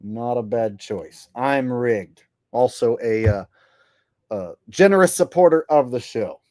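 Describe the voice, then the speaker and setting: A man's voice: medium pitch, lively intonation, unhurried, darkish tone, no echo. Male stream host, casual and crude, dry voice. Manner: crude, joking, laughs often. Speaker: livestream host. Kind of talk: casual commentary.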